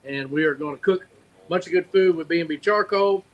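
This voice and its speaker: A man's voice: fairly high pitch, fairly quick, lo-fi sound, slight background noise. A man chatting casually as a co-host, laid-back and chiming in. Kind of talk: casual chat.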